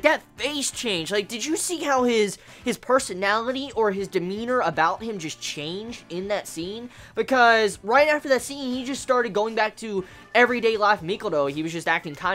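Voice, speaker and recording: Woman, anime reviewer, casual, excitable, swears, mid pitch, faint background music.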